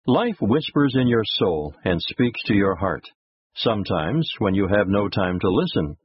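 A man tells a moral tale with an animated, rising and falling voice. His tone is husky and dry, heard on a dull lo-fi recording. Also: lowish voice, a little slow, no echo. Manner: expressive, moralizing. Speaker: narrator. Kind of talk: storytelling narration.

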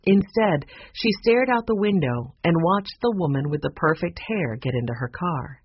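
A narrator reading a children's chapter book aloud in an expressive storybook style. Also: medium pitch, moderate pace, few pauses, slightly rough, no room sound. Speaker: audiobook narrator. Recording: dull lo-fi recording with faint noise.

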